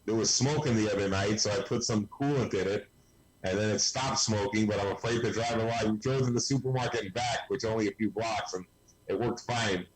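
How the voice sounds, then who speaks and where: 60s guy, lowish voice, deadpan jokey, video call with a loud crowd going in back. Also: brisk, low-quality recording. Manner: wisecracking, deadpan jokes. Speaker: guest. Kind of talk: casual video call chat.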